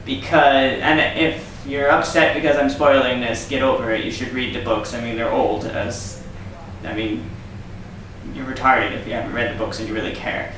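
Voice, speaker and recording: A man's voice: medium pitch, fairly even intonation, normal speed, fairly bright tone, recorded from a distance. A man hosting his own vlog, talking in a sarcastic, rambling rant. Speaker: vlog host. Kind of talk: casual vlog monologue. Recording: echoey room, off-mic, faint hiss.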